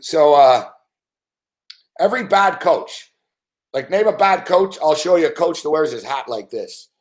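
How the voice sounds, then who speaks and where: A man's voice: fairly high pitch, expressive, a little slow. A man giving a live sports betting rant, profane and exasperated.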